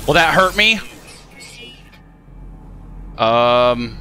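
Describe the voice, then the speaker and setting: A man giving casual let's play commentary on a game, chatty and animated, swearing and talking to the creatures on screen. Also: medium pitch, normal speed, long pauses, soft background music. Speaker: gaming channel host.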